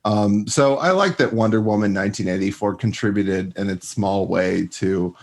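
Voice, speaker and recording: A man's voice: lowish voice, normal speed, darkish tone. A man chatting casually on a podcast, meandering through his points, breaking off mid-thought and laughing often. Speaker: podcast co-host.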